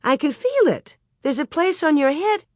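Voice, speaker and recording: A woman voicing a practical, patient pioneer mother who speaks gently and soothingly. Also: mid-range voice, expressive, moderate pace, no room sound, clean studio sound, close to an everyday voice. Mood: alarmed.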